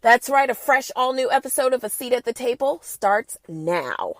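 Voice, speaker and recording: A woman hosting a casual podcast, sassy and animated, talking while she has a cold. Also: on the high side, normal speed, hardly any pauses, dry recording. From the Bronx. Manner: sassy, animated, playful asides. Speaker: podcast host. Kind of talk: casual chat.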